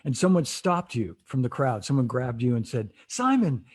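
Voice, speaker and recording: A man's voice: mid-range voice, expressive, normal speed, a little mellow. A man hosting a casual interview over a video call, telling a rambling story with many restarts and frequent laughs. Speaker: host.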